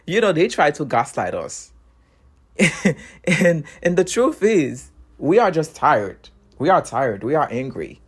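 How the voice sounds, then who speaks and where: A man's voice: on the high side, very animated, slow, husky. A man, an immigrant with a foreign accent, giving a heated casual opinion monologue. He repeats himself often and breaks into short laughs between points. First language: not English. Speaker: commentator.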